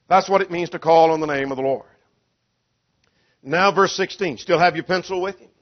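A man preaching an expository sermon, emphatic and driven by rhetorical questions, acting out the quoted voices. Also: on the high side. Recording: dull lo-fi sound.

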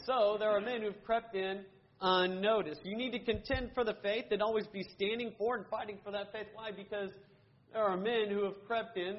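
A man's voice: high-pitched, dull audio, slight background noise. A man teaching a Bible study class, earnestly asking questions and answering them himself, with frequent restarts.

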